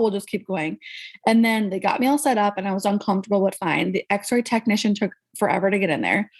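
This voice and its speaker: A woman casually telling a long personal story as a podcast guest, animated and acting out the people she quotes. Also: brisk. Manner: animated, acts out quoted people with pitch jumps.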